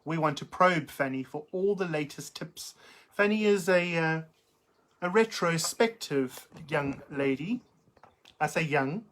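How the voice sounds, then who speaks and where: A woman's voice: low-pitched, measured pace. A middle-aged woman hosting a live chat, reading out viewer comments in a camp, theatrical, giggly manner. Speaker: livestream host.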